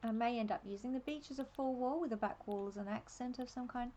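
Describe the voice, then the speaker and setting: An Australian woman streaming a game, chatting and thinking aloud in a relaxed, laughing way. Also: on the high side, fast, slight background noise. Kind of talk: casual live-stream commentary.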